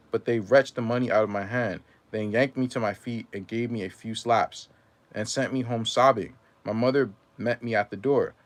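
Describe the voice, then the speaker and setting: Reading a first-person memoir aloud, a man with a mid-range voice keeps a measured, steady delivery. Occasionally he trips over a word and corrects himself.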